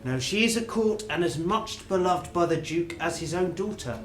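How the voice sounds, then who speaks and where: Guy doing an earnest wrestler, bit high voice, echoey room, faint guitar behind. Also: expressive, moderate pace. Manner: earnest, storytelling. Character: loyal wrestler bringing court news. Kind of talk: amateur stage acting.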